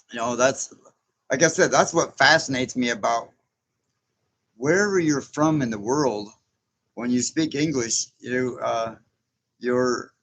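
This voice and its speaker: A man in his sixties hosts a casual livestream, reading out viewer comments and chatting back. His voice sits at an ordinary middle pitch, and he talks in a loose, rambling way, chuckling often along the way. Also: a bit bright, a little hiss or hum. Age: 60s. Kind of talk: casual live chat.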